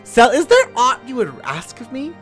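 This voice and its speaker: A woman's voice: high voice, huge pitch swings, normal speed, soft background music, voice pushed up. A woman reading out a brusque man of action. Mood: mock-formal. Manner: reading game dialogue aloud in a mock-formal tone.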